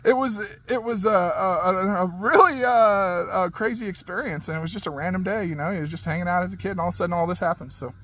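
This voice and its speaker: Man, high-pitched voice, rambling casual storyteller, laughs while talking, lots of fillers. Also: fast, hardly any pauses, a little hiss or hum, low-quality recording. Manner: rambling and animated, with many fillers and restarts; laughs as he talks. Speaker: channel host.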